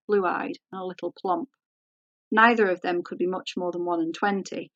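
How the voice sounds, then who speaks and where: A woman author reading her novel aloud in a measured, composed way. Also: lowish voice, a bit bright, no echo, lo-fi sound.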